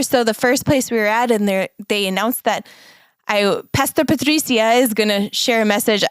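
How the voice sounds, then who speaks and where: An American podcast co-host chats casually in a medium-pitched, smooth voice. She sounds earnest and reflective and laughs now and then, and the recording is dry.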